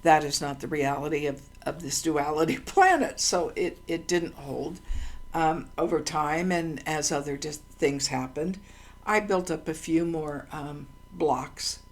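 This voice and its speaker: A woman with a notably low voice tells personal stories in a relaxed monologue. She wanders from thought to thought, often pausing on ums and restarting her sentences, and she sounds sincere and heartfelt throughout. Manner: meandering, with frequent ums and restarts; earnest and heartfelt. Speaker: channel host. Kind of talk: casual personal storytelling monologue.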